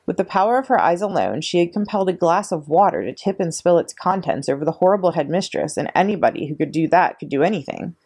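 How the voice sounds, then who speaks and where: Woman reading a bedtime chapter book, low voice, lively and expressive. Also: fast, hardly any pauses, husky. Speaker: children's librarian reading aloud. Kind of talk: children's story read-aloud.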